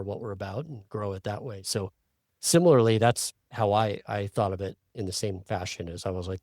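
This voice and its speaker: Low-voiced, reflective man guest. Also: a little mellow, no echo, studio quality. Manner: reflective, self-deprecating, some hesitations. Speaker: podcast guest, brand owner. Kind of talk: casual chat.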